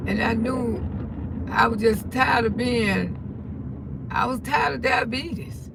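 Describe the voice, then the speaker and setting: A woman's voice: on the high side, slow pace, gravelly. A woman, talking in a candid, folksy and blunt way on a casual livestream, swearing freely. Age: 60s. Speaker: livestream host. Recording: loud traffic noise behind.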